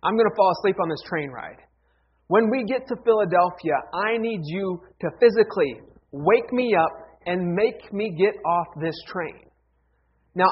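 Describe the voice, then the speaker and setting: A man's voice: sits high, slightly rough, muffled recording. A man preaching a sermon as pastor, telling jokes in a folksy, storytelling manner. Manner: folksy, joking storyteller with lively acted quotes.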